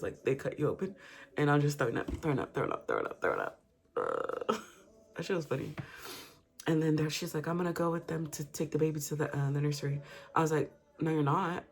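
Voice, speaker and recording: A young woman vlogger, telling a story in casual, profane chat and acting out the quotes. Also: sits low. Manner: candid and profane, acts out quotes.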